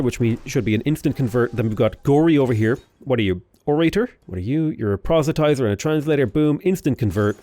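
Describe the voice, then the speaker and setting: A man's voice: medium pitch, mellow. A young man chatting casually while playing a strategy game, rambling into jokey asides. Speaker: gaming YouTuber. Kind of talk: casual gameplay commentary.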